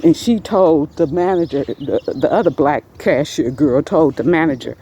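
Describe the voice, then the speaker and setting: A woman casually recounting a store incident as a vlog storytime, animated and rambling, her pitch leaping up whenever she quotes someone. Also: moderate pace, few pauses, a little hiss or hum. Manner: animated, jumps much higher in pitch when quoting herself and others; rambling, many fillers and restarts. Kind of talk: casual first-person storytime.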